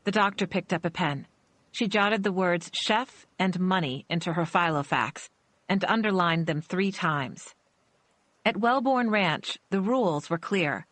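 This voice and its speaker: Female audiobook narrator, low register, steady measured delivery, dry close mic. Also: no echo. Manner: measured storytelling, voicing characters with small shifts. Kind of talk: scripted narration.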